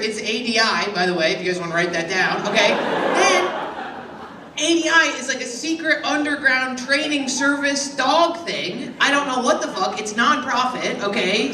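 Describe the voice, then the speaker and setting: High-voiced woman doing rambling crude stand-up. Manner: rambling, crude, self-interrupting, chatting with audience. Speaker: stand-up comedian. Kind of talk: stand-up set with crowd work. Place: comedy club stage, live audience. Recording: roomy live club sound from a distance, loud crowd and noise. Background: audience laughter.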